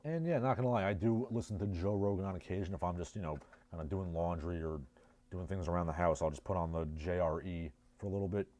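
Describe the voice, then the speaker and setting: This is a man with a deep, slightly mellow voice and a quick pace. He hosts a casual livestream in a New Jersey accent, reading out chat messages and riffing on them with sardonic, rambling remarks.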